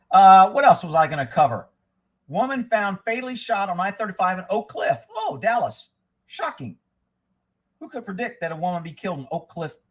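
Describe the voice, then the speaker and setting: A man's voice: mid-range voice, breathy edge. A middle-aged man hosting a live stream, reading headlines aloud and ranting about them with heavy profanity. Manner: reads news headlines then reacts. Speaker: livestream host.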